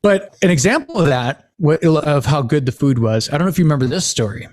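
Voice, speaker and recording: A man's voice: on the high side, animated, a little fast, darkish tone. A man hosting a podcast, casually telling rambling family stories, laughing often and acting out what people said. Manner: rambling storyteller, laughs often, acts out quotes. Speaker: podcast host.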